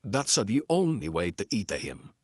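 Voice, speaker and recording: A man voicing a nervous gangster in a pulp detective story who fakes a foreign accent and speaks halting broken English. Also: fairly low pitch, big pitch swings, no echo, studio quality. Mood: belligerent.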